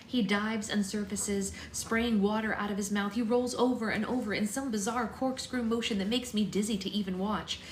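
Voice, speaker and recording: A young woman hosting a book club, reading a novel aloud live in a chatty way and pausing to soothe her baby. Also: medium pitch, fairly even intonation, a little hiss or hum. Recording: echoey room, faint ambience.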